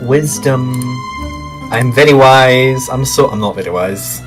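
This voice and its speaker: Brief: male player, mid-pitched voice, jokey and profane, faint music behind. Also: a little slow. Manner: joking and profane banter. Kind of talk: casual tabletop play.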